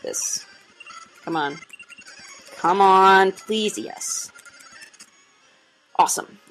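With soft music in the background and a rough recording, a young let's player chats with her viewers as she plays, her mid-range, slightly bright voice drawing out words. She keeps it casual, laughing often and swearing without restraint.

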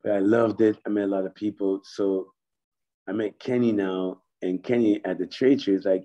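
A man's voice: fairly low pitch, steady tone, normal speed, dull audio. A man telling stories on a podcast as a guest, laughing often and swearing freely. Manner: laughing, profane storyteller. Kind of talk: casual storytelling chat.

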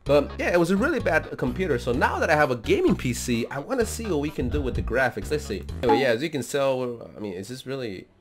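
An excitable man hosts a gaming channel with let's-play commentary, talking in casual slang. His voice swings up and down all over the place and breaks into loud outbursts. Faint music plays behind him. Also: mid-range voice, quick pace, few pauses.

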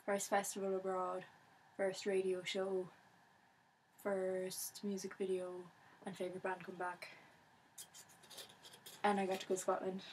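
Young woman vlogger, chatty and bubbly, monotone delivery, light hiss behind. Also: mid-range voice, unhurried, pauses often, low-quality recording. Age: young adult. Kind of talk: casual chat to camera.

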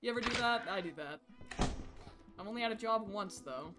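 A woman streaming a horror game, yelling and swearing at the characters and then dropping into quiet asides. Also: medium pitch, expressive, over music. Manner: rapid swings to quiet asides.

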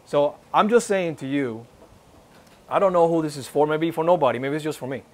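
At a church service, a man's fairly high yet darkish-toned voice moves briskly through his personal testimony. He reenacts the exchanges and earnestly urges his listeners on.

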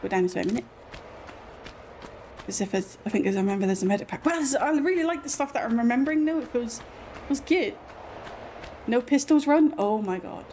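A woman, chatting casually and excitably while streaming a game. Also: fairly high pitch, brisk, pauses often. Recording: noisy background.

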